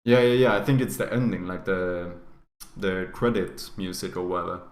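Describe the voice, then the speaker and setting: A man's voice: sits low, moderate pace. A man livestreaming himself playing games, chatting casually, swearing often and laughing at himself. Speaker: streamer. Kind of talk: live gameplay commentary.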